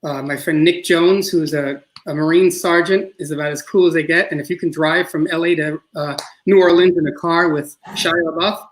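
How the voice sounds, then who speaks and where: A man's voice: fairly high pitch, fairly even intonation, normal speed, few pauses, poor audio. A middle-aged man with a New York accent, a filmmaker talking casually in an interview, rambling with many restarts. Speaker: filmmaker guest.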